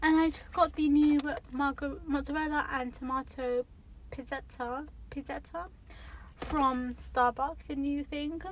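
Young woman with a high voice rambling through a solo podcast from her car, with faint airplane noise behind. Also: flat delivery, a little slow, few pauses, poor audio. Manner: rambling, chatty, many fillers and self-corrections. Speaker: podcast host. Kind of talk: casual solo podcast chat. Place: parked car in a car park near an airport.

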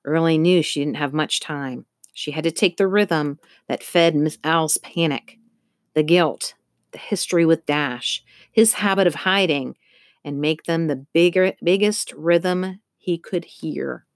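A woman narrating a novel in a steady, measured storytelling manner. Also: low-pitched, dry recording, clean studio sound. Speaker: audiobook narrator. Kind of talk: scripted narration.

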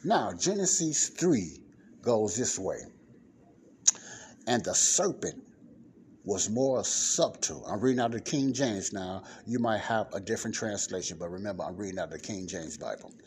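A man with a fairly low voice teaches scripture in a relaxed, conversational way, reading verses aloud and breaking them down. He often checks in with his listeners between points. A faint hum of background noise sits under his voice. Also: a little fast. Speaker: Bible teacher. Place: non-soundproof spot in a library.

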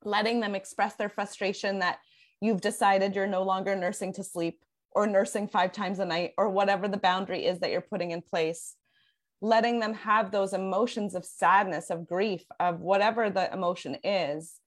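A woman working as a parenting coach, talking in a casual podcast conversation, earnest and explanatory, with frequent fillers and restarts. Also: medium pitch.

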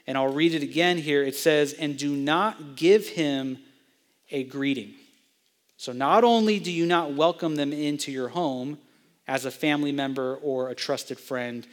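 A young male pastor preaches an expository sermon to students, his voice sitting a little high for a man. He teaches step by step and turns to ask the listeners questions. The sound rings out with long reverb, as in a church hall. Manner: teacherly, asks the audience questions.

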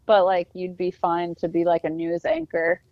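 A woman hosting a podcast, chatting in a relaxed, hesitant way with lots of fillers. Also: lowish voice, moderate pace, no room sound. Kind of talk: casual podcast chat. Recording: dull dry lo-fi sound.

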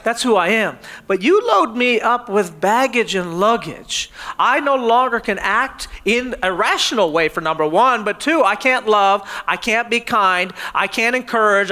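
A man preaching a sermon as pastor, telling animated stories and often laughing. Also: extremely high pitch.

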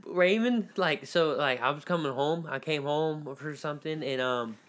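A man's voice: fairly high pitch, normal speed, a bit bright. A young man in casual, profane storytelling among friends, laughing often and acting out his family members' lines.

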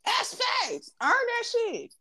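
A woman's voice: extremely high pitch, sing-song, slow, bright, forceful tone. A woman, talking bluntly and profanely in casual chat, repeating her points for emphasis.

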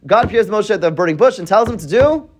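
Male Torah teacher, lively pitch, quizzes the class, restarts thoughts mid-sentence. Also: quick pace, slight background noise. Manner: asks the class questions, thinks aloud with restarts. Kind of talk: weekly Torah portion class.

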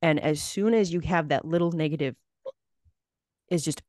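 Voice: mid-range voice, normal speed, a little mellow, no echo, clean studio sound. A podcast host talking animatedly in a casual conversation, building out analogies.

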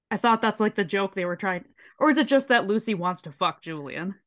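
Woman, scratchy sore throat, animated and sweary, mid pitch voice. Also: normal speed. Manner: animated, swears freely, briefly mimics characters while retelling. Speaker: podcast co-host. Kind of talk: casual chat recapping a show.

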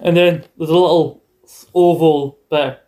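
A man co-hosting a casual chat show, telling stories in an animated way, acting out lines and laughing often. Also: fairly high pitch, unhurried. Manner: animated storyteller who acts out quotes and laughs often. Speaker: podcast co-host. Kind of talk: casual chat recapping wrestling.

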